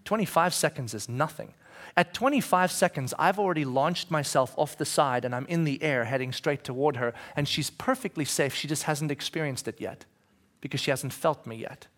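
A male pastor giving a sermon in a church, talking conversationally, asking the congregation questions and moving between quiet moments and shouting. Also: fairly high pitch, normal speed, hardly any pauses.

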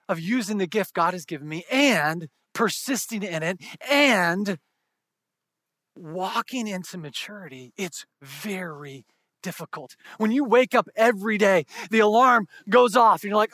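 A married man preaching a sermon to a congregation, conversational and joking, moving from hushed to shouted. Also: sits high, no echo, clean studio sound. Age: adult, married with kids. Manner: conversational, humorous, swings from soft to shouting. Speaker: pastor.

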